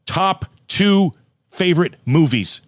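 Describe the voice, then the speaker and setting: A man hosting a podcast in a casual chat, firing off quick questions in an upbeat way. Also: high-pitched, animated, no echo. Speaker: podcast host.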